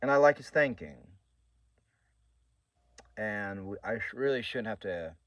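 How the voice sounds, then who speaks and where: A man's voice: on the low side, lively intonation, a little slow, fairly bright tone, no echo, dull audio. A man hosting his own channel, giving a casual update in an earnest, rambling way with restarts. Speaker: channel host and author.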